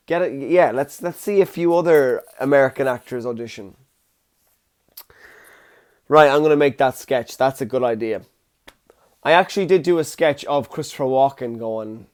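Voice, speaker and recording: A man's voice: mid-range voice, darkish tone. A young man hosting a casual, rambling solo podcast alone in his room, recorded on his phone. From Ireland. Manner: jokey, rambling, self-deprecating. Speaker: podcast host.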